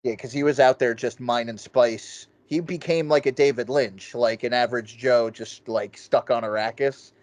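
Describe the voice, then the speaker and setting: A man in casual conversation as a podcast co-host, his talk loose and peppered with swearing. His voice sits at an ordinary pitch and is recorded close and dry, with no room sound. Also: steady tone, moderate pace, hardly any pauses, darkish tone, dry recording. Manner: swears freely, loose rambling delivery. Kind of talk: casual film review chat.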